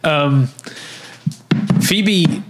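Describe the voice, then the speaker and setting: A man's voice: fairly high pitch, drawn-out words. A man co-hosting a casual chat podcast, who laughs often and quotes scenes in put-on voices. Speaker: podcast co-host.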